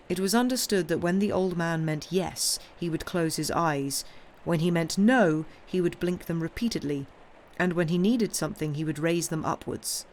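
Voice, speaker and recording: Measured woman reading a novel aloud. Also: fairly low pitch, a little hiss or hum. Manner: slow, measured narration. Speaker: audiobook reader. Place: home streaming setup.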